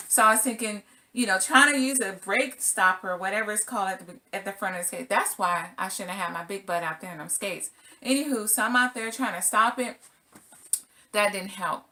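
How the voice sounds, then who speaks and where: Bright-voiced woman telling a story. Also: mid-range voice. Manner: animated, acts out her own exclamations. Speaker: single mother vlogger. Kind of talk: casual personal storytelling.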